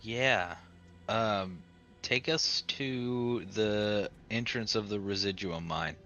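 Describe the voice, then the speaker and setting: A player talking casually at a tabletop game, animated and joking. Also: low-pitched, slow, muffled recording, faint music behind.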